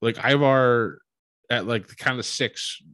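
A man recapping a wrestling show in a casual, animated storytelling way, acting out what people said. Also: medium pitch, measured pace, dry recording. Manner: animated storytelling, acts out quotes.

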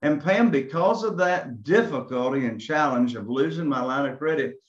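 A man's voice: medium pitch, expressive, moderate pace. A man from Eastern North Carolina, a real estate investor telling his story in a conversation and acting out phone calls. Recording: echoey, dull lo-fi sound.

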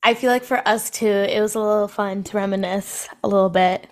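A woman's voice: mid-range voice, steady tone, fairly quick. A young woman co-hosting a podcast in candid, casual chat, speaking loosely with many "like" fillers. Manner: conversational, filler-heavy with "like". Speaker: podcast co-host.

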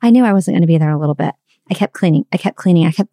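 Middle-aged mom talking openly about her regrets, lowish voice, dry close sound. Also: rapid-fire, dark tone, no echo. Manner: candid, reflective storytelling. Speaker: parenting speaker. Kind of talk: confessional monologue.

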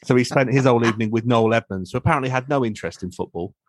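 A man hosting a podcast, asking relaxed, rambling questions and telling anecdotes. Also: mid-range voice, racing, no room sound. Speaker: podcast host. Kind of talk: casual interview chat.

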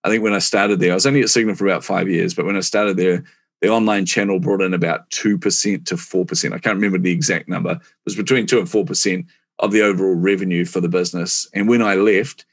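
New Zealand man in his forties, low voice, chatty interview guest who laughs easily. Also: fast talker. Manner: chatty, animated, laughs often. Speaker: guest, marketing executive. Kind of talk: casual storytelling interview.

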